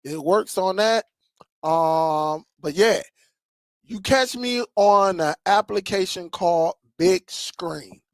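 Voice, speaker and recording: A man with a high-pitched, gravelly voice talks casually to his channel's viewers. He tells stories in an animated way, repeating lines for emphasis. The sound is dry and close. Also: takes it slowly, no room sound. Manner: animated storyteller, laughs and repeats himself. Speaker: streaming tech channel host.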